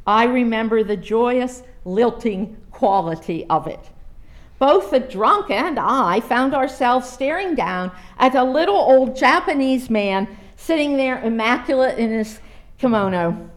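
Woman, sermon storytelling, animated pitch, slightly high voice, dramatic reading. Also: measured pace. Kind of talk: storytelling read aloud.

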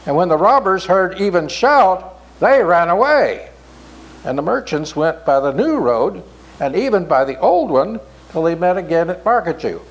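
A man telling a folk tale in an unhurried, expressive way. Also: high-pitched, lo-fi sound. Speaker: storyteller.

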